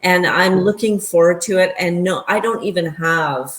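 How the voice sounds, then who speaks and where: Earnest low-voiced woman in an echoey room. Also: normal speed. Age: 50s. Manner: earnest and emotional, speaks of passion and gratitude. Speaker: guest. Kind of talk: casual chat.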